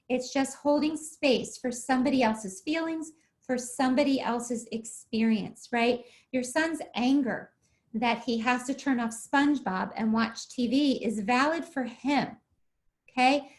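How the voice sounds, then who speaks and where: Woman parenting coach, high-pitched, teacherly, checks in with listeners often. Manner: keeps checking in with listeners with "okay?" and "right?"; acts out parent and child with quick shifts in voice. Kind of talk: explanatory talk on parenting.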